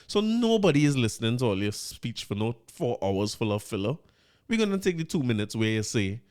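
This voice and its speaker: A man's voice: medium pitch, big pitch swings, a little fast, creaky, darkish tone. A man with a Trinidadian accent hosting a podcast, giving casual commentary in an incredulous tone and repeating words when he gets riled up. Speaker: podcast host.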